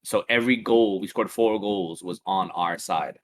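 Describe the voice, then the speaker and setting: A man's voice: sits low, normal speed, a crowd in the background. A man, co-hosting a casual podcast chat and telling stories animatedly with plenty of swearing. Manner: animated storytelling, swears freely. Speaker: podcast co-host.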